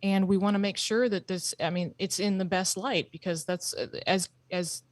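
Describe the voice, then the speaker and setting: A woman's voice: medium pitch, steady tone, normal speed, no room sound. A woman guest in a casual podcast chat, talking earnestly and rambling, with lots of fillers like you know and uh.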